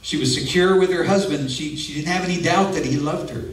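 Earnest male pastor giving a conversational sermon with personal asides, fairly high voice, echoey church, heard from a distance. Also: fairly quick. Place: church sanctuary. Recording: echoey room, mic at a distance.

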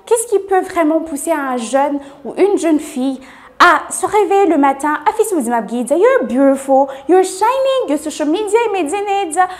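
High-voiced woman host, earnest. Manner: earnest, emphatic, repeats for stress. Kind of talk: earnest motivational talk. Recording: music playing underneath. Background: music.

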